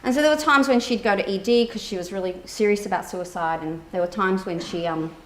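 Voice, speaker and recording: Woman therapist, keynote speaker, animated storyteller who acts out dialogue, casual with fillers, middle-range voice. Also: mid-range voice, a little fast. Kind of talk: conference keynote talk, personal storytelling.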